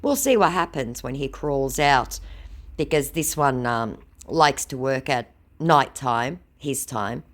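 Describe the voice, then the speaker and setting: A woman's voice: a bass voice, expressive, takes it slowly. A woman vlogger retelling her chats with a scammer in a sarcastic, gleefully insulting way. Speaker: scam-baiting vlogger. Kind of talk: sarcastic retelling of chat messages.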